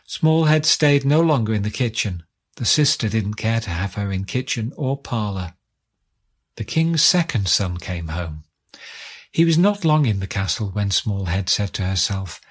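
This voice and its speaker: A man narrating a folk tale aloud in a calm, steady storytelling manner. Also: on the low side, husky.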